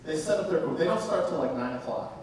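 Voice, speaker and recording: A man's voice: fairly high pitch, animated, fast, darkish tone. Brash, profane male stand-up comic. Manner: brash, profane, teasing the crowd. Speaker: stand-up comedian. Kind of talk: stand-up comedy set. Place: live comedy club stage. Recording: echoey, distant from the mic, noisy. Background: audience laughter.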